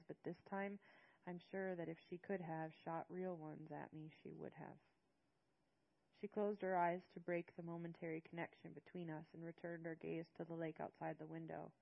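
Low-voiced woman narrating an audiobook. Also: vocal fry, dull audio. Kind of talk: first-person audiobook narration.

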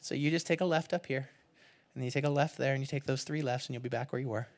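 A pastor preaches quickly and at medium pitch, keeping his sermon conversational and animated. He moves from near-whispers to loud, emphatic bursts and poses rhetorical questions.

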